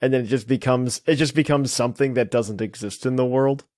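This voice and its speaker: A man hosting a casual podcast, introducing segments in a relaxed, chatty way with frequent fillers. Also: medium pitch, a little fast, no echo. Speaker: podcast host.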